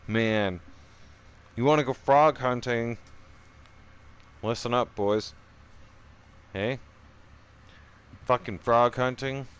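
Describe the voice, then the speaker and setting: A man's voice: mid-range voice, slow, long pauses, a bit bright, clean tone. A middle-aged man telling a profane, rambling story in casual chat, full of "right?" asides. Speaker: streamer.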